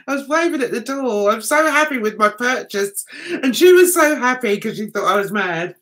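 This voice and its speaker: A woman's voice: a little high, lively intonation, normal speed, a bit bright. A middle-aged woman hosting a casual livestream chat, chatty and giggling often. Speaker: livestream host.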